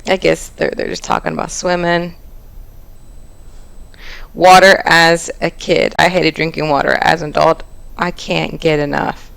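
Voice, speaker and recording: A woman's voice: low voice, level tone, unhurried, gravelly, pauses often, a bit bright, smooth, low-quality recording. A young adult woman hosting a casual chat about online stories, joking and often restarting her sentences. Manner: chatty, joking, with frequent restarts. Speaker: host.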